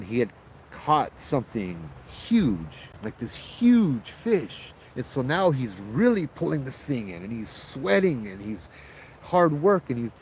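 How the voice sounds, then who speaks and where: A man telling a ghost story in a loose, animated way, with restarts and fillers. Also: medium pitch, a little hiss or hum, poor audio. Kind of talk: casual spoken ghost storytelling.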